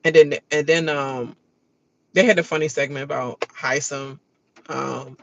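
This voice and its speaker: A woman hosting a casual reaction rant, animated and laughing, mocking others in loose casual speech. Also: deep voice, measured pace, creaky, lo-fi sound, a little hiss or hum. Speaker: reaction video host.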